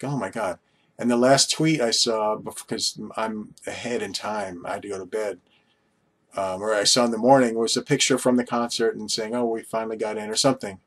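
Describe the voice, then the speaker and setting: Long island guy rambling on in a vlog, husky lowish voice, wanders off on tangents. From Long Island, New York. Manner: meandering, storytelling with asides and restarts. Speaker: vlogger. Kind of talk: rambling casual chat to camera.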